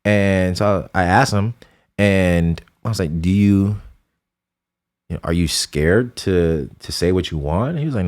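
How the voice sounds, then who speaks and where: A man's voice: deep voice, a little slow, a little mellow. A young adult man co-hosting a podcast, telling an earnest, reflective story about his son in casual conversation. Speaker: podcast co-host, father.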